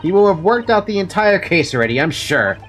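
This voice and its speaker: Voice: medium pitch, sing-song, brisk, faint music behind, pitched above the performer's own voice, close to an everyday voice. A streamer voicing a polite, eager young female assistant while reading game dialogue aloud on stream.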